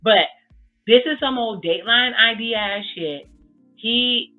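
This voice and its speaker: A woman's voice: fairly high pitch, unhurried. A woman giving blunt, sassy casual commentary as she recaps a reality TV episode, swearing freely. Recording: tinny phone-like sound with faint music.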